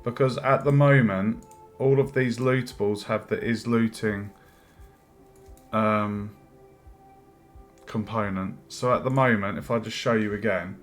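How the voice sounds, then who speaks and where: A man streaming his game development work, thinking aloud with many pauses and fillers, and chatting with viewers. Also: lowish voice, steady tone. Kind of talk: casual live-stream commentary while working. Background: faint music and keyboard typing.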